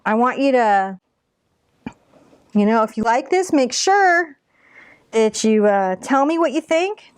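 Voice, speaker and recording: A fairly high-voiced woman in her forties leads a painting lesson, chatty and encouraging, talking through every brush stroke. The sound is dry and close, with no room echo. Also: darkish tone. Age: 40s. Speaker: painting instructor.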